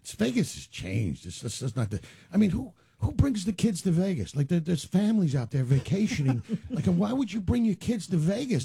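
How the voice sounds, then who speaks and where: A man doing stand-up storytelling on a radio show, animated and laughing through his jokes. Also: high voice, vocal fry, husky. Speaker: stand-up comedian guest. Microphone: studio mic.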